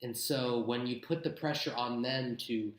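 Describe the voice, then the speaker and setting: A man's voice: mid-range voice, moderate pace, echoey room, low-quality recording. A young man giving blunt, chatty travel advice in a casual vlog. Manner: chatty, blunt, gives tips with mock examples. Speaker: travel vlogger.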